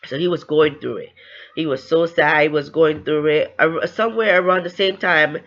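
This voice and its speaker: A woman's voice: low voice, normal speed, fairly bright tone, highs cut off. Chatty woman retelling a novel's plot. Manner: chatty, loosely retells scenes and acts out the characters' lines. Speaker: book reviewer. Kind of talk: casual book recap.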